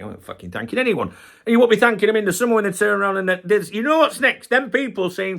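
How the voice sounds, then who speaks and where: Fired-up middle-aged man, gravelly swearing rant. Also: high voice, very animated, quick pace, sharp tone. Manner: passionate, swears heavily, ranting. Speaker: football channel host. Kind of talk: casual video rant.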